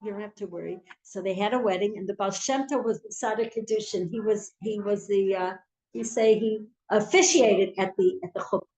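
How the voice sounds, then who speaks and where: A woman teaching a live Torah class, telling stories in an animated way and acting out the characters. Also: medium pitch, moderate pace. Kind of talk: live storytelling lesson. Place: synagogue hall. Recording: roomy hall sound.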